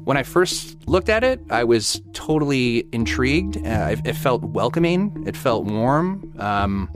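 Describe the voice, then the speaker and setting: A man's voice: mid-range voice, sing-song, a little slow, over music. A young man casually recounting a personal story in a loose, rambling way, full of fillers.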